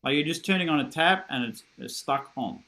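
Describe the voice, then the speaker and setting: A man's voice: a little high, a little fast, bright, forceful tone. A middle-aged man teaching a horn masterclass over a video call, encouraging and self-deprecating, showing ideas with sung syllables.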